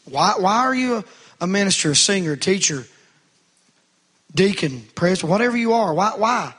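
A man's voice: sits high, lively intonation, moderate pace, fairly bright tone, husky. A middle-aged man preaching a sermon, calling out to the congregation with rising fervor.

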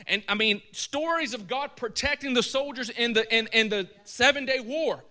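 A man preaching a casual, animated sermon in a colloquial way, chuckling as he goes. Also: very high-pitched, normal speed.

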